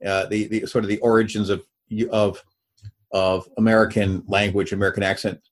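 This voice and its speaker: A man co-hosting a podcast, speaking in a halting, tentative way as he recalls details. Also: lowish voice, flat delivery. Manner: halting, tentative, searching for names. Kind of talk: casual interview discussion.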